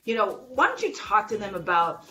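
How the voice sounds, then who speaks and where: A woman hosting a podcast interview, bubbly and excitable, laughing often and talking with big energy. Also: medium pitch, a little fast, poor audio. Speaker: podcast host. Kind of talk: enthusiastic interview chat.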